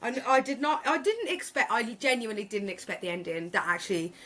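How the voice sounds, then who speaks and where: A woman co-hosting a podcast, chatting casually about a book, excitable and swearing freely. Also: mid-range voice, fairly quick. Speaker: podcast co-host.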